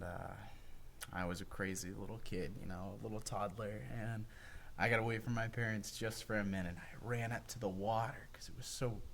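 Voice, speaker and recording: A young man tells mock-tragic comic stories with deadpan seriousness, his voice sitting on the low side. A faint hiss runs under the recording. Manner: mock-dramatic, builds to a flat punchline. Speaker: comedian. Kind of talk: deadpan mock-sad storytelling.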